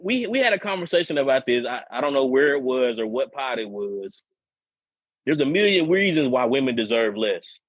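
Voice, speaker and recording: A man's voice: medium pitch, sing-song, normal speed, dry recording. A man co-hosting a casual podcast, telling a profane story at length and often repeating words as he talks. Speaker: podcast co-host. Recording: dull lo-fi podcast audio.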